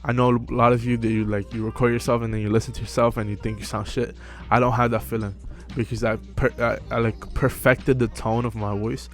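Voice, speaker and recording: A young man giving casual self-improvement advice to camera, relaxed and full of fillers, often checking in with "right?". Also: medium pitch, brisk, hardly any pauses, soft background music. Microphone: close mic.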